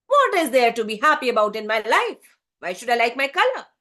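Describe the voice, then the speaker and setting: A woman's voice: fairly high pitch, big pitch swings, a little fast, fairly bright tone. A woman doing a gloomy, complaining male swan. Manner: complaining, self-pitying. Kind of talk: storytelling with voices.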